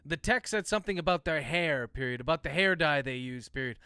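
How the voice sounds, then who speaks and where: A man's voice: a little high, fast, few pauses, sharp tone, clear, resonant tone, dry recording, studio quality. A man who writes novels, dictating his book aloud with the punctuation spoken and chatting casually with livestream viewers, swearing freely. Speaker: author and livestream host.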